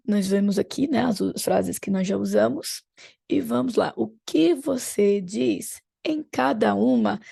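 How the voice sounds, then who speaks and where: Slow, gravelly woman teacher. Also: medium pitch, dark tone, dry recording. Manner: patient, repeats phrases slowly for students. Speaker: language teacher. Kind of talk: online language lesson.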